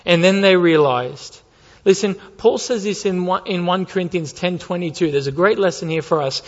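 A man's voice: high voice, moderate pace. A man preaching a sermon, emphatic, repeating key lines and asking rhetorical questions. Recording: dull lo-fi sound with long hall reverb.

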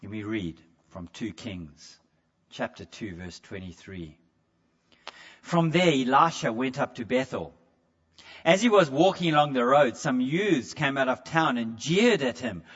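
A man's voice: medium pitch, animated, unhurried, fairly bright tone, highs cut off. A man preaching a sermon in a conversational way, stumbling over repeated words and putting questions straight to the congregation. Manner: asks the congregation direct questions.

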